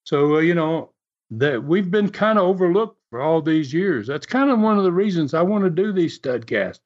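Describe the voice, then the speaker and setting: A man's voice: fairly high pitch, animated, moderate pace, a little mellow. An older man hosting his own podcast, telling a long story in a rambling way with lots of fillers and restarts. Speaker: podcast host. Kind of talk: casual storytelling monologue. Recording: dull lo-fi recording.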